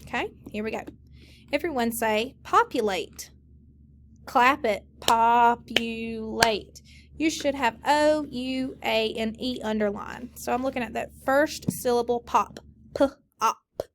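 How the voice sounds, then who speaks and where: A woman teaching a recorded phonics lesson, sounding out each syllable clearly and slowly for students. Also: fairly high pitch, a little hiss or hum.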